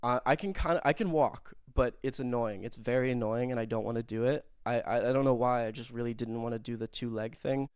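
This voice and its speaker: A man's voice: medium pitch, brisk, hardly any pauses, smooth, no room sound, studio quality. A young man telling a rambling, self-mocking story in casual chat, full of fillers and swearing.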